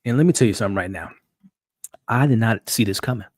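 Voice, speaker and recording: A man hosting a live-stream recap of a TV episode, talking excitably and stumbling over repeated words as he restarts his sentences. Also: fairly low pitch, quick pace, dry recording. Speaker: show host. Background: dog.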